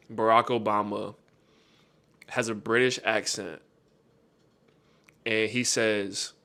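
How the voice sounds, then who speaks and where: A young American man co-hosting a podcast, telling stories in an animated, casual way with lots of fillers. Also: fairly low pitch. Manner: animated storyteller, many fillers. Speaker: podcast co-host. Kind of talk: casual chat.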